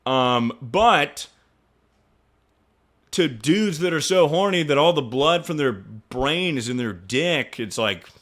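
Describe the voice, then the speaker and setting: Animated young man ranting to his stream. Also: slow pace. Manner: animated, incredulous, swears freely, jumps to high pitch when mocking. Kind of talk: casual storytelling to stream chat.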